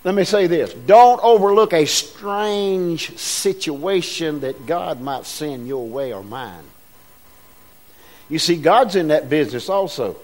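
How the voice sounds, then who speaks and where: A man's voice: a little high, lively intonation, takes it slowly, a little mellow. A man preaching a sermon as pastor, folksy and rousing, calling out to the congregation. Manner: folksy, call-and-response preaching with rising bursts.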